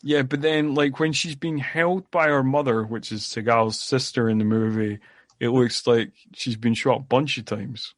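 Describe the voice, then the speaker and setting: A man's voice: mid-range voice, fairly even intonation, normal speed, dry recording, clean studio sound. A man co-hosting a movie podcast, recapping a film in casual chat full of fillers and restarts. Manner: rambling, many fillers and restarts. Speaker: podcast co-host. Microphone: podcast microphone.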